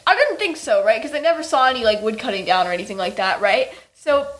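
A woman's voice: fairly high pitch, lively intonation, fast talker. A woman chatting casually about a film with her co-host, teasing him and often checking in with "right?". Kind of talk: casual chat.

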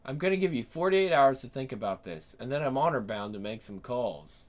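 An actor playing a manipulative man who speaks calmly and quietly threatens. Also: mid-range voice, fairly quick, lightly acted. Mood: threatening. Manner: calm, insinuating, quietly threatening. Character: creepy manipulative middle-aged male business contact. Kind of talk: dramatic acting.

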